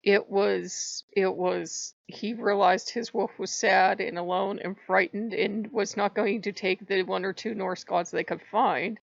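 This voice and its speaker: A woman's voice: medium pitch, steady tone, measured pace, creaky, few pauses, dry recording. A woman in a personal spiritual vlog who rambles emotionally and laughs often. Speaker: spiritual vlogger. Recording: dull lo-fi, dry.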